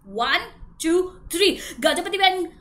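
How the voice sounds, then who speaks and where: A young woman preschool teacher with an Indian accent, telling a story to small children in an animated way, asking them questions and leading actions. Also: very high voice, unhurried.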